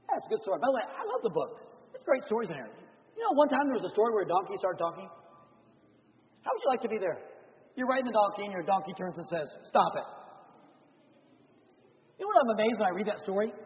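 A man preaching a revival sermon as pastor, animated, shifting between loud and hushed delivery. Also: high-pitched. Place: church sanctuary. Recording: dull audio with long church reverb.

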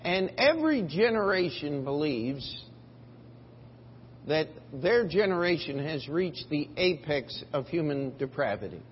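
Guy pastor preaching slow in a big echoey church, kinda dull muffled recording. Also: on the high side, sing-song, a little hiss or hum. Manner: emphatic preaching, rising for scripture quotes. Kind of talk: sermon. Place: church sanctuary.

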